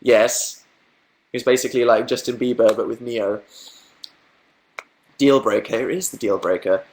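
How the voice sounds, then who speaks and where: A young man talking casually into his webcam, reading out comments and spinning awkward stories. He laughs often and mimics other people in a lifted, squeaky voice for comic effect. The pitch sits in an ordinary middle range. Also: a little slow, a little mellow, slight background noise. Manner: chatty storytelling, acting out quotes in higher voices, laughing. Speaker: livestream host. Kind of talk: casual livestream chat.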